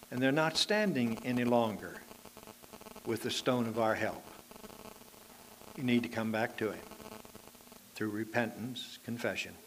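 A man preaching a sermon, earnest and steady. He lifts his voice to stress a point, then falls soft and low to plead with his listeners. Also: slight background noise. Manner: earnest, rising to emphatic appeals then dropping quiet.

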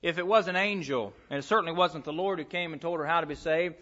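A man's voice: on the high side, fast, sharp tone, highs cut off. A man preaching a sermon to a congregation, reading scripture aloud and telling stories from his own ministry. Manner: storytelling, reads scripture aloud.

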